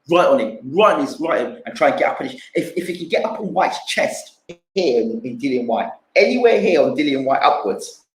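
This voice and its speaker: A man's voice: mid-range voice, echoey room, rough recording. A man giving casual boxing fight analysis, repeating himself and acting out punches with sound words. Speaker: boxing pundit streamer.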